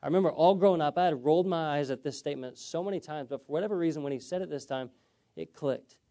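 Young guy preaching, tells his own story, mellow dark voice, keeps saying okay?. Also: on the high side, fast. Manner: storytelling, conversational with frequent "okay?" check-ins. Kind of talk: sermon testimony.

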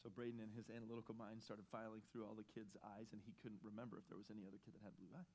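A man's voice: fairly low pitch, flat delivery, rapid-fire, darkish tone, a little hiss or hum. A middle-aged man preaching a sermon as pastor, talking casually about his family and then building to emphatic points while leading the congregation in reading scripture aloud. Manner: conversational preaching, rising to emphatic stress, leads congregation in reading.

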